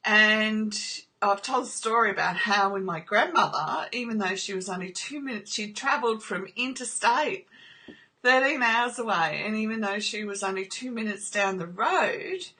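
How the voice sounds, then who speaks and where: Earnest bright-voiced woman. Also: mid-range voice, moderate pace. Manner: earnest, checks in with frequent "okay?"; emotional while telling personal stories. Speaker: trauma recovery video host. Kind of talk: personal talk to camera.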